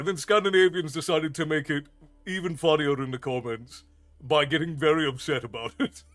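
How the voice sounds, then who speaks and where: A man from the United States streams his storytime show, chatting casually with viewers, reading and answering their chat, and rambling along with frequent, self-amused laughter. His voice is fairly high and a bit bright.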